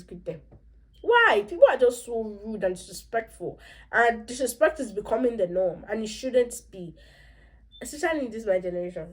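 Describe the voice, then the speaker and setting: A young Nigerian woman recapping a series episode in a chatty, opinionated way, with asides in Pidgin and Yoruba. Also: medium pitch. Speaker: vlogger. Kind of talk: casual reaction recap.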